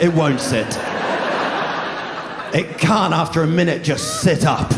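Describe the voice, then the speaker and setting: A male stand-up comedian telling a story on stage with an animated delivery and sudden loud shouts, recorded on a handheld mic. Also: fairly high pitch, normal speed, long pauses. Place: comedy stage before a live audience. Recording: live show with crowd laughter and hum.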